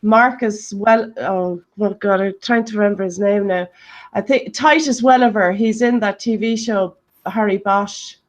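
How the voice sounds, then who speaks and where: A woman's voice: medium pitch, fairly even intonation, a little slow. Chatty Irish woman on a panel. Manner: chatty, searches for names, laughs often. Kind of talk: casual panel chat.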